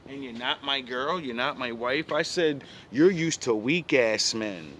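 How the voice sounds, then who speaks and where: A man's voice: mid-range voice, a little slow, noisy background. A young man bluntly retelling a past relationship in profane street slang, casual storytelling.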